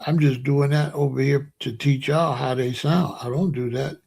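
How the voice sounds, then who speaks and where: A man's voice: medium pitch, fairly even intonation, moderate pace, creaky, a little mellow, breathy edge. An American man hosting his own show, talking casually and at length to viewers, repeating himself and boasting. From United States. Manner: rambling, repetitive, boastful. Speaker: commentary show host.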